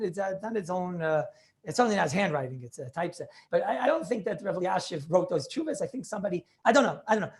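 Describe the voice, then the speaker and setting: Teaching over a video call, a man acting as a rabbi lectures on religious law in a voice that sits high. He's emphatic, thinking aloud as he questions his students.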